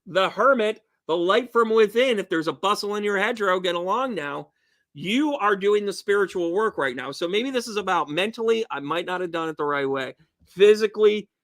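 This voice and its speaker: High-voiced, exuberant male tarot reader. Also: a bit bright. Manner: exuberant, joking, blunt, swears casually. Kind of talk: casual tarot reading video.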